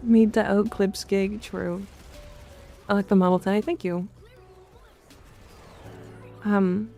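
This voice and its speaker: A woman streamer talks casually as she plays, excitable and crude, swearing freely. Her voice sits at an ordinary pitch with a gravelly, fried edge, and soft music plays faintly behind her. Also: slow pace. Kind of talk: casual livestream chat while gaming.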